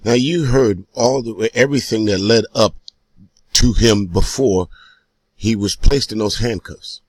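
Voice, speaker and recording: A man's voice: lowish voice, measured pace, no echo. A man hosting, introducing a documentary clip and speaking directly and emphatically to viewers. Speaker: host presenting a documentary clip. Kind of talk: casual commentary to viewers.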